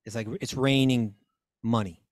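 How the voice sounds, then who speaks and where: A man's voice: mid-range voice, steady tone, moderate pace, no echo, clean studio sound. A man casually retelling a story on a talk show, acting out the voices and laughs of the characters as he goes. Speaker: podcast co-host.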